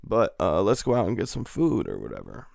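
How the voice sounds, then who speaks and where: A man's voice: deep voice, huge pitch swings, a little fast, vocal fry, darkish tone, dry recording, clean studio sound. A young man casually telling a rambling, profane anecdote, laughing now and then. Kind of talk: casual storytelling.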